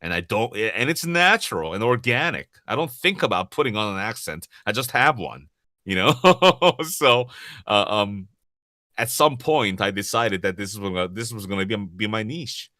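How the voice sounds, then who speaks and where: A man from Korea with a Korean accent, whose first language is Korean, answering audience questions as a voice actor in a casual Q&A, lively and chuckling often as he restarts and repeats words. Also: on the low side, normal speed, dry recording, clean studio sound. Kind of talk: casual livestream Q&A.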